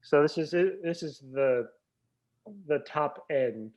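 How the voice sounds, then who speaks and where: A man's voice: fairly high pitch, animated, slow, darkish tone. A man guesting on a podcast over a video call, telling self-deprecating stories. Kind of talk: casual chat, anecdotes.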